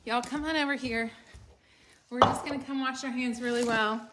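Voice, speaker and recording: A woman's voice: a little high, steady tone, normal speed, heavy background noise. A woman, chatting to viewers in a home kitchen while she cooks, talking casually and joking about herself. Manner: chatty, self-deprecating, talks straight to viewers. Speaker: cooking vlogger. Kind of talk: casual cooking demonstration.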